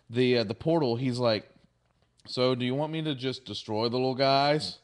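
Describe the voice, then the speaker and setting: A man co-hosting a casual podcast, retelling TV episodes in an animated way and acting out the characters' lines. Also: moderate pace. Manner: animated retelling, acting out quotes with lively pitch jumps. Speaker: podcast co-host. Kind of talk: casual chat recapping episodes.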